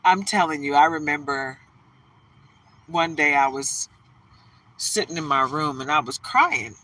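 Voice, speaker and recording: A woman's voice: low voice, lively intonation, measured pace, sharp tone, far from the mic, rough recording. A woman giving a tarot reading in casual chat, laughing often and drifting into stories, from a car. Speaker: tarot reader.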